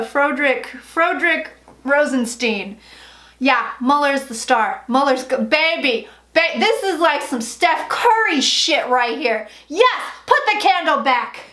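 A woman's voice: high voice, a bit bright, roomy sound. A woman doing a casual livestream tarot reading, brash, profane and joking as she talks. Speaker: psychic tarot reader.

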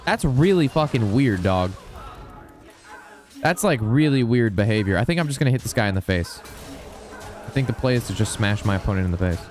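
Excitable young man streaming a card game. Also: medium pitch, no room sound. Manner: excitable, swears a lot, rambling storyteller. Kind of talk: casual gameplay commentary.

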